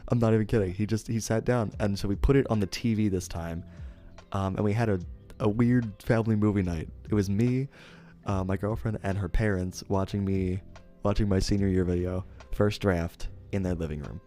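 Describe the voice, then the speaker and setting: Young male streamer, low register, loose self-interrupting storyteller, light music bed. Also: fairly even intonation, normal speed, mellow. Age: young adult. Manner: rambling, self-interrupting, laughs at himself. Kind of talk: casual storytelling to chat.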